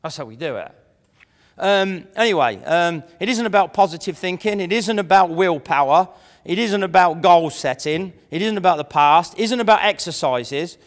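Animated man speaking in a hall. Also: high voice, normal speed. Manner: animated, conversational, mimics imagined voices. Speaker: motivational speaker. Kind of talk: live seminar talk to an audience. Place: large room before an audience. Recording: echoey hall.

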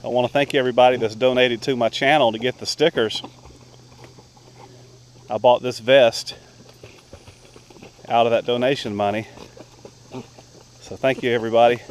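A man's voice: medium pitch, steady tone, moderate pace, pauses often, a little hiss or hum. A man vlogging outdoors by a lake, chatting casually and talking to his dogs in baby talk. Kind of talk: casual vlog narration.

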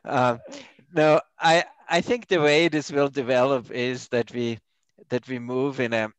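A man who is a finance professor, explaining on a panel in a measured way with many pauses and fillers. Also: mid-range voice, fairly even intonation, clean tone, no echo. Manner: measured, hesitant, many uhs. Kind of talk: panel discussion.

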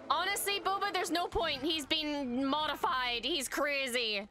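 A woman's voice: high-pitched, unhurried, few pauses, music in the background. A woman hosting a reaction video, talking through a show in casual, emotional commentary with frequent exclamations and swearing.

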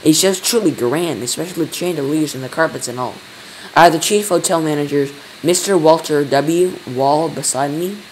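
A man's voice: a little high, moderate pace, hardly any pauses, a little hiss or hum, natural voice, rough recording. A man voicing an eager, gushing male astronaut reporting in a storybook reading.

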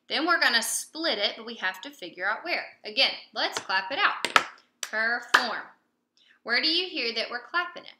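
A young woman teaching a phonics lesson to young pupils, patient and prompting, pausing for answers and praising them. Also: a little high, sharp tone, a little hiss or hum. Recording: roomy echo.

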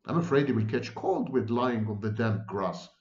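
A man's voice: fairly low pitch, expressive, moderate pace, close to an everyday voice. A man reading aloud and voicing a timid, thoughtful little girl who pleads earnestly, recorded in a roomy space with dull sound.

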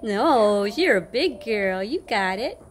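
A woman's voice: mid-range voice, animated, slow, slight background noise. A woman vlogging at home on a handheld camera, chatting in a bubbly, cheering way and cooing to a baby. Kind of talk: casual vlog chat.

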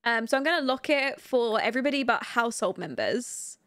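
Young woman, high voice, dry close sound, chatty game commentary, giggly. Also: animated, a little fast, a bit bright, dry recording. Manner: chatty, giggly, talks to her viewers and the game characters. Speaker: streamer playing a life-sim game. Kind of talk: casual gameplay commentary.

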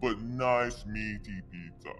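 A man contestant in casual chat, hesitant and halting, with dramatic outbursts. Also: on the low side, fairly bright tone, soft background music.

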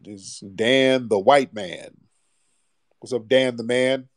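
A man's voice: medium pitch, slow, dry recording, clean studio sound. A man hosting a late-night call-in show, talking bluntly in casual slang. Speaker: host. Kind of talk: live call-in radio show.

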